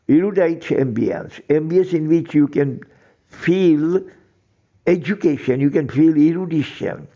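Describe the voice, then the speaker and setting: A man's voice: on the high side, mellow, muffled recording. A man lecturing emphatically, repeating phrases and using ornate words. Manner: emphatic, repetitive, ornate vocabulary. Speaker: teacher. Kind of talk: lecture to camera.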